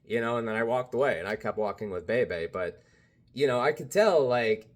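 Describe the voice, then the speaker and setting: A man's voice: mid-range voice, lively intonation, normal speed. A man vlogging in a casual, rambling monologue, full of "you know", "like" and "bro". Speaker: spiritual vlogger.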